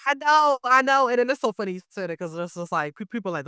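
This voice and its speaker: An American woman, a teacher living abroad, chatting casually as an interview guest. She tells animated stories, leans heavily on "like" and acts out what others said. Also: on the high side, fast talker, clean tone, no echo, studio quality. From United States. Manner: animated storyteller, heavy use of "like", acts out quotes.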